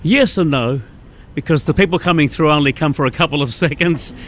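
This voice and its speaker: A man who works as a train station announcer, speaking in a casual interview in a shy but animated way and laughing easily, recorded on an outdoor station platform. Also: on the high side, brisk. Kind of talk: casual interview, with bits of singing.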